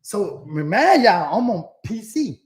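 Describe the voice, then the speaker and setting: A man with a high voice and a steady preaching rhythm tells his own story. He acts out both sides of a conversation with God, stressing lines for effect. The recording sits in an echoey room. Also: unhurried. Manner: preachy, emphatic, retelling talks with God. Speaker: commentator in a played clip. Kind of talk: storytelling monologue.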